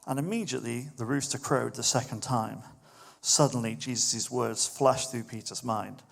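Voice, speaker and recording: A man preaching a sermon in a relaxed, conversational way, turning lively when he acts out what others say. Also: mid-range voice, moderate pace, vocal fry. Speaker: pastor.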